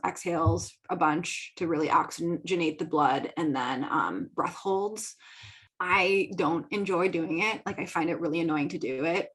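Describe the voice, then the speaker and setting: A woman's voice: fairly low pitch, a bit bright, poor audio. Chatty, giggly woman podcast host. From American Midwest. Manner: chatty, giggly, filler-heavy. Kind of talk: casual solo talk. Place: home studio.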